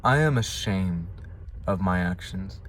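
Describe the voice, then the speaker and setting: A young man vlogs a personal reflection on his faith, earnest and confessional, with occasional loud, impassioned outbursts. His voice is low and animated, his pace a little slow, and there's slight background noise.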